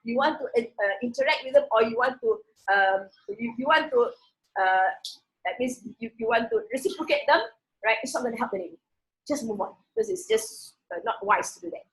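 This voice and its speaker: A woman teaching a Quran passage, reading the Arabic words slowly and with stress, then explaining them in a relaxed way with many restarts. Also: a little high, rough recording.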